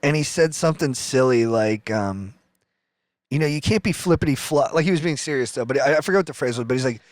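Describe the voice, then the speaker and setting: A man's voice: medium pitch, fast, no room sound, studio quality. A man talking casually as a podcast guest and comedian, chatty and agreeable, chiming in with short replies. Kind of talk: casual storytelling chat.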